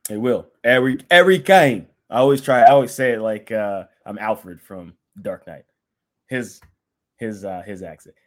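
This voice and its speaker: A man's voice: fairly low pitch, fairly even intonation, normal speed, a little mellow. A man co-hosting a podcast, chatting about sports in a joking, playful way. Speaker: podcast co-host. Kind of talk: casual sports chat.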